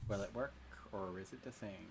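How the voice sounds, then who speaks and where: A man's voice: on the low side, moderate pace, gravelly, a little mellow, a little hiss or hum. A man hosting a casual livestream, chatty and self-deprecating. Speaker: stream host.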